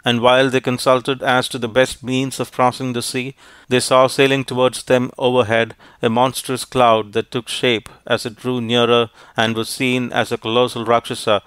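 A man narrating an audiobook in measured, formal storytelling. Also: mid-range voice, little pitch movement, a bit bright, clear, resonant tone, no echo.

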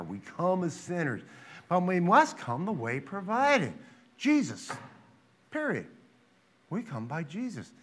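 A man preaching a sermon as pastor, reading scripture aloud and pressing his point with rhetorical questions. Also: on the high side. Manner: dramatizes quotes with sudden loud rises.

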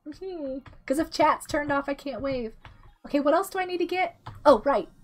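A woman in her thirties, sick with a rough throat, chatting casually and giggling as she greets viewers during a game stream. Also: high-pitched, animated, moderate pace. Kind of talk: casual live-stream chat while gaming. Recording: faint music behind the voice.

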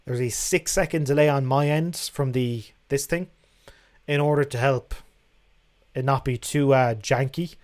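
This young man's voice is mid-range and darkish, and he takes his time. Hosting a casual livestream, he reads out questions from viewers and responds frankly and chattily, swearing now and then.

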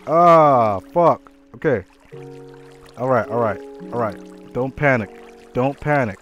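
A man hosting his own gaming channel, giving profane, excitable let's-play commentary as he reacts aloud to the game. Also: mid-range voice, takes it slowly, pauses often. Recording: loud game music behind.

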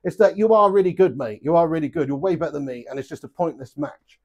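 A man's voice: a little high, lively intonation, quick pace, darkish tone. A young man hosting a live darts stream, chatty and joking, swearing freely and calling viewers lad and mate. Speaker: live stream host playing webcam darts. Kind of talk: casual live-stream chat.

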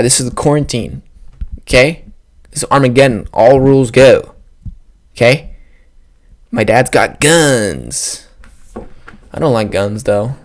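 A young man hosting a solo podcast, rambling and joking with lots of profanity. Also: mid-range voice. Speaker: podcast host. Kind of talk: casual solo podcast rant. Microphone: podcast microphone.

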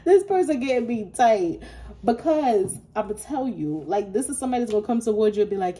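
A woman's voice: fairly high pitch, animated, fairly quick, warm tone. A woman reading tarot for her viewers in a casual, slangy way, blunt and profane, often laughing. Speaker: tarot reader.

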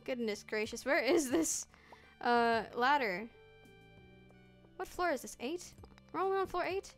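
A woman's voice: sits high, lively intonation, unhurried. A young woman streaming a game, chatting to herself playfully and slipping into mock old-fashioned phrases. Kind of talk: casual gameplay commentary. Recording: faint game music behind.

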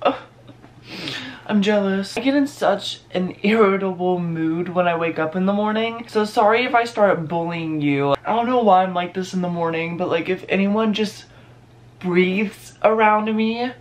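A young man vlogs casually at home, moving between his bedroom and bathroom. His voice sits high at a moderate pace, and he talks in a sarcastic, self-mocking, dramatic way.

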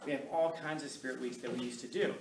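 A man's voice: medium pitch, fairly even intonation, quick pace. A man from Los Angeles, a teacher giving a rambling, jokey classroom lecture that acts out the voices he quotes. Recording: distant echoey classroom with noise.

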